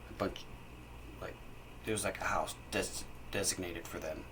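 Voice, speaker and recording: Young male podcast co-host, low voice, rambling casual storyteller, faint hiss behind. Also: fairly even intonation, moderate pace, a bit bright, poor audio. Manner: rambling, lots of fillers, quotes people in a put-on high voice.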